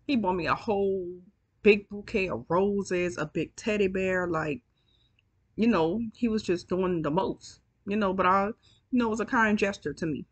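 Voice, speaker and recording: A woman's voice: medium pitch, normal speed, slightly rough, highs cut off. Woman doing a storytime vlog, yawny and tired, swearing casually and chatting to y'all. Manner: chatty, profane, addresses viewers as y'all. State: yawning, sleepy. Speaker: storytime vlogger.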